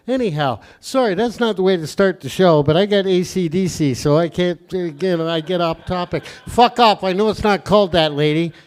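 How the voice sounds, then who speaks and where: A middle-aged man with a fairly high voice hosts a stand-up open mic. He rambles crudely and swears freely as he jokes with the crowd. He speaks on a stage mic in a comedy club. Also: a little mellow. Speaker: comedy host. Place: comedy venue stage before a live audience.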